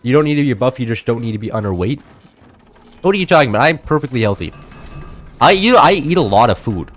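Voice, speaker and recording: A man's voice: mid-range voice, very animated, fast, faint music behind. A young man from the United States streaming a game, chatting casually with viewers in rambling, filler-heavy talk that keeps restarting itself. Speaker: gaming streamer. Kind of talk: casual live-stream chat while playing.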